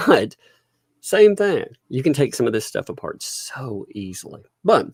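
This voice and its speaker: Man, livestream host, gravelly, lively pitch, dry close sound, casual chatter with frequent laughs. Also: measured pace, dry recording. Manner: chatty, laughs often, trails off and restarts.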